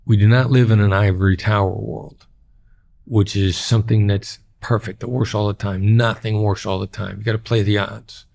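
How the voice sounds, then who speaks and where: A man's voice: fairly low pitch, steady tone, moderate pace, vocal fry, darkish tone. A middle-aged man, a former hostage negotiator, speaking as a podcast interview guest in a plain-spoken way and repeating key phrases for emphasis.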